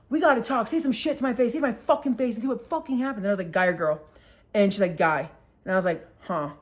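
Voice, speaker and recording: A young woman in her twenties telling a story to her camera at home, animated and cursing, with many "like"s. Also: medium pitch. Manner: animated, swearing, heavy use of "like". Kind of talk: casual storytime vlog.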